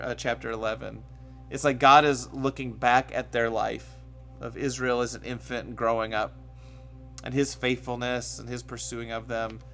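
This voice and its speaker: A male pastor at mid pitch gives a casual, conversational sermon from a church stage. Every so often he jumps into quoted voices with a sudden rise in volume. Faint music plays underneath. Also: a bit bright.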